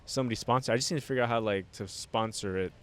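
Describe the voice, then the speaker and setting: A young man telling a story in casual podcast chat, rambling and animated, with lots of fillers and restarts. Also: medium pitch, rapid-fire. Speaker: podcast guest.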